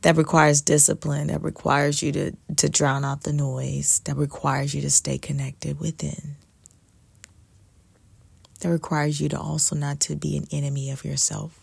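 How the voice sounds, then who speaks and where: A woman coaching on faith and abundance in a soft, meditative way, often dropping to a whisper for emphasis. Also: deep voice, little pitch movement, moderate pace, vocal fry, breathy edge, dry recording. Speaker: spiritual life coach. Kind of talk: slow reflective faith talk to camera.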